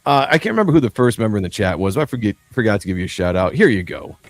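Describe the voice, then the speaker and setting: A man hosts a livestream in a loose, rambling, jokey way, often breaking into laughter. His voice sits fairly low and sounds dry and close. Faint music plays underneath. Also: big pitch swings, rapid-fire, dry recording. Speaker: livestream host. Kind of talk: casual livestream chat.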